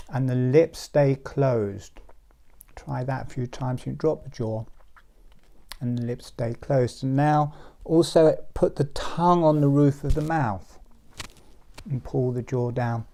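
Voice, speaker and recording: Slow, mellow man guiding meditation. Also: mid-range voice. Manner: slow, soothing, drops to near-whispers. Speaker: breathing meditation teacher. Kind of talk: guided meditation instruction. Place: group session, others present.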